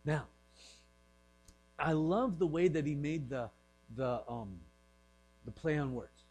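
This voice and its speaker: Pastor, male, light-pitched, casual joking delivery with hushed acted asides; faint electrical hum. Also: animated, slow, rough recording. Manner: joking, acts out voices in quiet asides. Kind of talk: conversational sermon.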